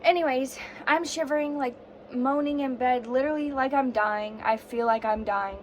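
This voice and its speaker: A woman's voice: sits high, moderate pace, a little hiss or hum. A young woman telling a story in a casual vlog, sick with a fever and sore throat, ranting dramatically and swearing a lot. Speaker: vlogger.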